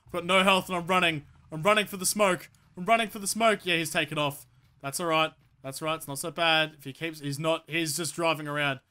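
A man giving excitable, profane commentary over his own gameplay, swinging between nervous muttering and angry shouting. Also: sits high, a little fast. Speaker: gaming YouTuber.

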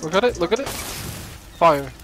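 A man with a high voice jokes with a friend over a shared game. His talk is casual and teasing, and game music runs clearly beneath it. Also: expressive, measured pace. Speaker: co-player friend. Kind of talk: casual gaming chat.

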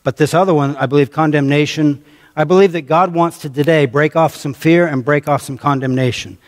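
American male pastor, slightly high voice, conversational sermon, long church-hall reverb. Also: fairly even intonation, fairly quick. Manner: conversational preaching, calls on the congregation, repeats phrases for emphasis. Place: church sanctuary.

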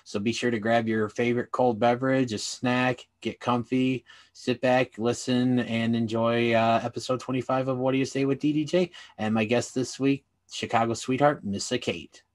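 A man's voice: medium pitch, little pitch movement, normal speed, few pauses. A man hosting a wrestling podcast, introducing his guest in a friendly, rambling way with fillers and restarts. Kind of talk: casual interview hosting.

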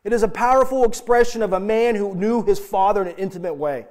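High-voiced earnest male pastor preaching. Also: fast, a little mellow. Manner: earnest, emphatic preaching with direct questions to the congregation. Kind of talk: sermon.

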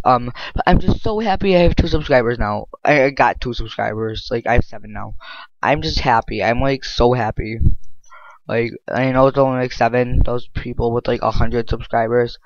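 A man giving casual, excitable game commentary, rambling with lots of filler words. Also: mid-range voice, no echo. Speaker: gameplay commentator. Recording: dull lo-fi dry mic.

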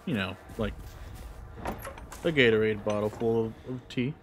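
A man's voice: on the low side, moderate pace. A young man streaming a game, talking to himself in a rambling, jokey, profane way. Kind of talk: casual gaming commentary.

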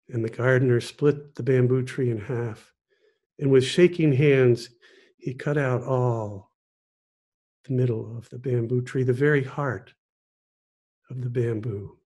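Slow-paced man telling a sermon story. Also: mid-range voice, fairly even intonation. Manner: slow, gentle storytelling with pauses. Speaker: pastor.

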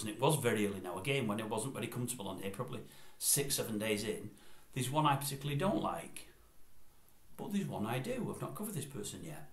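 A man's voice: a little high, sharp tone. An older British man with a blunt, opinionated manner, ranting casually in a vlog. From Britain. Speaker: vlogger. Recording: echoey room.

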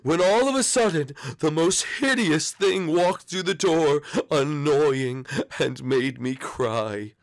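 A man's voice: on the high side, no room sound. A dopey ghost creature drags out every word at a crawl, voiced by a man. The delivery is sleepy and simple-minded for a game skit. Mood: dopey, droning. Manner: very slow drawn-out speech.

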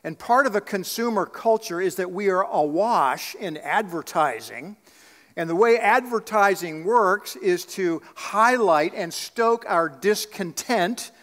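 A man's voice: high voice, lively intonation, unhurried, a bit bright. A man preaching a sermon as pastor, earnest, asking the congregation rhetorical questions. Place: church sanctuary. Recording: long reverb of a church sanctuary.

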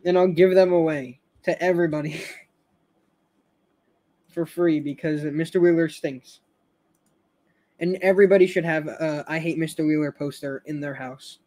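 A man's voice: on the high side, fairly even intonation, measured pace, long pauses, dark tone. A young man hosting a casual fan stream, rambling with frequent stammers, restarts and laughs. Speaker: show fan host.

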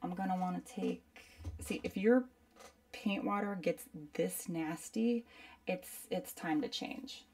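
A woman's voice: lowish voice, takes it slowly, a little mellow, far from the mic. A woman teaching a live painting demo at her desk, chatting and rambling to herself as she works. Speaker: art instructor.

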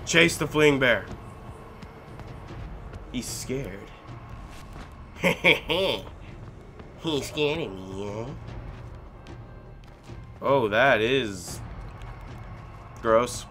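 A young man giving let's play commentary on a game, excitable and pleading loudly with his in-game pet bear. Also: mid-range voice, extremely slow, pauses often, soft background music. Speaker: gaming YouTuber.

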